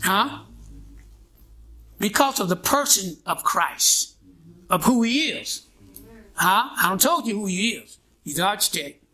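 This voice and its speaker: A man's voice: high-pitched, expressive, unhurried, long pauses, pushed and bright. A man preaching a sermon in a call-and-response style, prodding his congregation with "what?" and "huh?" and waiting for them to answer. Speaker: pastor.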